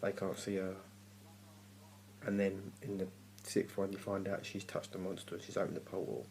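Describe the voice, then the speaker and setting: A man's voice: low-pitched, level tone, normal speed, darkish tone. A man giving a casual, grumpy TV review, ranting and swearing in exasperation. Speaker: TV review vlogger. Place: home at night.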